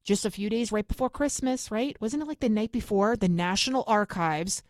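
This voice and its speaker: A woman's voice: mid-range voice, dry recording, clean studio sound. A woman from New York City with a New York accent, hosting an opinionated political monologue in an indignant, emphatic way. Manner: indignant, emphatic, rapid asides. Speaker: political commentary host.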